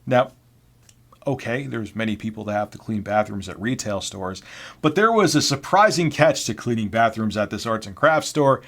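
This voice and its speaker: A man's voice: mid-range voice, moderate pace. A man in his forties casually recounting an old job. His delivery is blunt and sarcastic, and he swears now and then without a second thought. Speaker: YouTube host. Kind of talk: casual storytelling.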